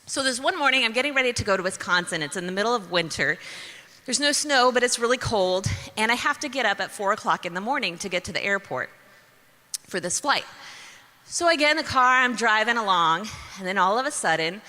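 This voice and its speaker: A young woman telling a story to an audience, acting out her own lines with lively voices. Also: mid-range voice, fairly quick, soft background music. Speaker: speaker. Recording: long reverb of a large hall.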